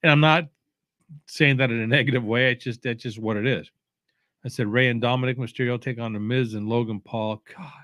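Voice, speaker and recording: A man hosting a watch-along, rambling casually with strong opinions, halting often with fillers and restarts, sounding sleepy. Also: mid-range voice, steady tone, a bit bright, no room sound, studio quality. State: sleepy, yawning.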